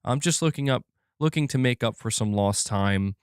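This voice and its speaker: A man's voice: mid-range voice, normal speed, smooth, no room sound, clean studio sound. A man hosting a casual gaming livestream, chatting loosely and reading out viewers' chat messages. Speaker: livestream host.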